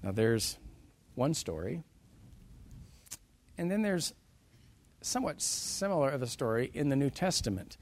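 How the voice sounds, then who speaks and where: A man preaching a sermon. He reads scripture in old-style wording, then retells it in plain, casual words with dramatic swings between loud and soft. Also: medium pitch, big pitch swings, measured pace, pauses often.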